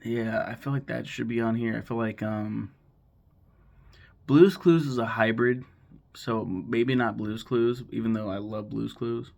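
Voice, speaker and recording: Speaking at medium pitch with fairly even intonation, this thirty-something man has vocal fry and a slightly mellow sound. He's a YouTuber ranking favorite cartoons, casually rambling and swearing to camera while retelling plots and performing lines in quick character voices.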